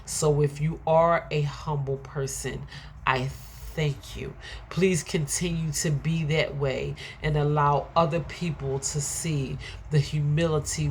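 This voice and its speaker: Woman, middle-aged, deep voice, unhurried delivery, motivational affirmations, preacher-like emphasis. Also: a little mellow, slight background noise. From Philadelphia. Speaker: motivational speaker.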